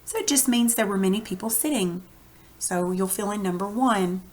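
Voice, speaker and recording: A woman's voice: mid-range voice, moderate pace. Texan woman teacher, conversational, walks kids through a reading lesson. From Texas. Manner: friendly explaining, conversational.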